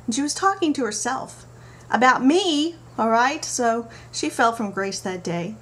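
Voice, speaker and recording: A middle-aged woman talking to camera about parenting, telling stories in an animated way with playful asides. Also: fairly high pitch, unhurried, slightly rough. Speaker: parenting vlogger. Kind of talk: casual talk to camera. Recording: faint background noise.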